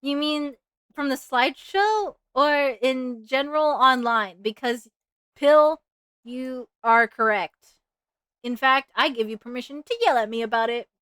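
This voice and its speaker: A woman streamer with a fairly high, smooth voice rambles through casual chat while she draws. She talks in a playful, loose way, fills the gaps with ums and likes, and sometimes drifts into sing-song. The sound is close and dry. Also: unhurried, fairly bright tone, no echo. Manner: rambling and chatty with many fillers. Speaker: VTuber streamer.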